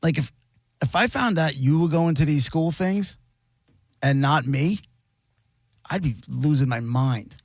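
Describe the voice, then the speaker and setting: A man's voice: on the high side, animated, unhurried, long pauses, dry recording. A man co-hosting a radio show, chatting casually and reacting bluntly and emphatically. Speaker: radio co-host. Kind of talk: casual on-air chat. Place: radio studio.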